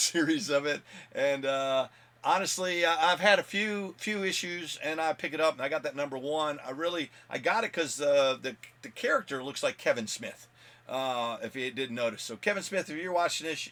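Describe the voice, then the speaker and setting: With a medium pitch and a bit of brightness, this American comic book channel host rambles on his video blog. His talk is casual and chatty, full of fillers and laughter.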